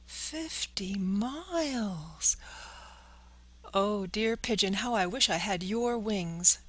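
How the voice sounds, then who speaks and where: A woman's voice: animated, takes it slowly, a bit bright. A woman voicing a young wooden puppet boy in an audiobook, speaking in a raised, pleading, tearful voice. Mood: eager. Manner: high, pleading, tearful cries. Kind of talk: audiobook character voice.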